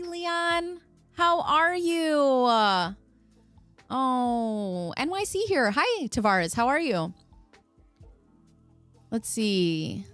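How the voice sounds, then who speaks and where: A woman's voice: mid-range voice, fairly bright tone, no echo. A woman hosting a casual livestream from America, chatty and joking as she reads out viewer comments. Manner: chatty, laughs often, jokey. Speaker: livestream host.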